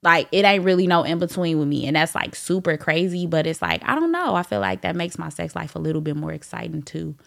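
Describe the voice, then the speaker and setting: A woman's voice: on the low side, lively intonation, a little fast, vocal fry, hardly any pauses. A woman hosting a solo podcast in a candid, playful way that breaks into laughter. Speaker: podcast host. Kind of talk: casual solo podcast talk.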